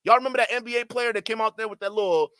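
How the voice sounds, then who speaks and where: A man's voice: high-pitched, rapid-fire, a bit bright, smooth, no room sound, studio quality. A man hosting a livestream, giving heated, profane commentary in a ranting manner. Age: adult. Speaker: streamer host.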